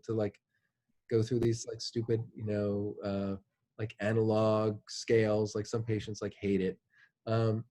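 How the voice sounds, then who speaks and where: A man's voice: medium pitch, a little mellow. A man giving a classroom lecture in a casual, chatty way, often checking in with "right?" and using many fillers like "like" and "you know". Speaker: instructor.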